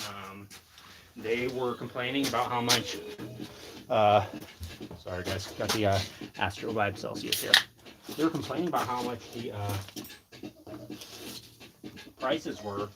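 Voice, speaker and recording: A man hosting a casual livestream from his garage, telling rambling deadpan tall tales full of fillers. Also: mid-range voice, unhurried, long pauses, heavy background noise. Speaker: livestream host. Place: home garage workshop. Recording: loud music over the voice. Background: loud music.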